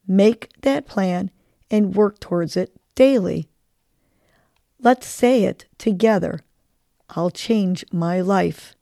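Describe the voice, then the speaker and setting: A woman hosts a morning wellness podcast and talks unhurried and steady, counting breaths in a soothing tone. Her voice sits at an ordinary middle pitch, and the recording is dry and close with no room sound. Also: no echo. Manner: slow, soothing counting, rising to upbeat urging. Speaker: podcast host. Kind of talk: guided breathing and motivational talk.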